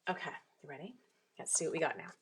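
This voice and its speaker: A woman's voice: low-pitched, big pitch swings, fast, husky. A young woman from Canada chatting casually as she demonstrates card making, rambling and reading viewer comments aloud, with a recurring cough. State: bouts of coughing. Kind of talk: casual live craft stream.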